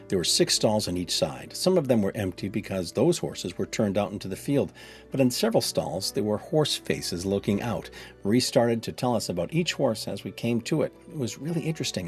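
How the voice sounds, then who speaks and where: A man with a deep voice narrates a children's story in the first person, chatty and kid-like. His delivery swings up and down lively, with faint music underneath.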